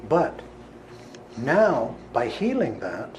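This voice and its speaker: A man's voice: mid-range voice, very animated, drawn-out words, a little mellow, a little hiss or hum, low-quality recording. A man, a healer, telling a vivid case story to listeners in an earnest, emphatic way. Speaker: healer giving a talk. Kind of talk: storytelling talk to an audience.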